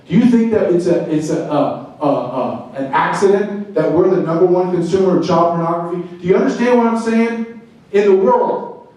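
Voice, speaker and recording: A middle-aged man, a retired border agent, giving a fervent speech to a club, swinging from loud to quiet. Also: high voice. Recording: very echoey room, speaker far from mic.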